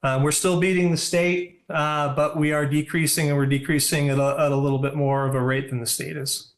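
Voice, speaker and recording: A man giving a superintendent's report at a school board meeting, talking quickly with frequent ums. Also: a little high, level tone. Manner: fast, conversational, many ums. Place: meeting room. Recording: echoey room audio from a distance.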